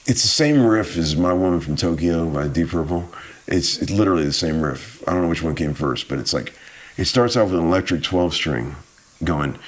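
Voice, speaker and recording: Speaking at normal speed in a low voice with lively intonation, the musician guest rambles through casual stories, dropping "man" frequently.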